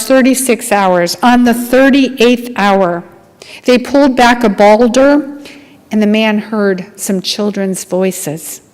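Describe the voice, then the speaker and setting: A woman with a somewhat high voice preaches to her congregation in earnest, dramatic storytelling. Her words ring out with a long reverb from a large hall. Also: smooth. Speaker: lay speaker at a congregation. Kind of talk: storytelling sermon.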